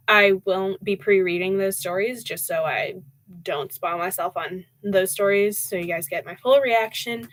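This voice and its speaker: A woman's voice: medium pitch, fairly bright tone, poor audio. A young adult woman streaming a live audiobook reading, chatting casually between passages. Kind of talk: casual live-stream chat and storybook narration.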